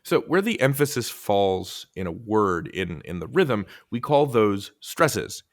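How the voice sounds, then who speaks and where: A man's voice: on the low side, sing-song, a little slow, hardly any pauses. A man co-hosting a poetry lesson, trading playful scripted banter and reading verse aloud.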